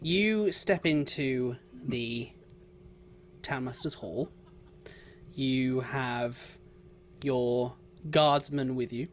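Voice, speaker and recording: A game master narrating a tabletop game, pausing often with ums as they describe scenes. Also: medium pitch. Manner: hesitant, many ums while describing.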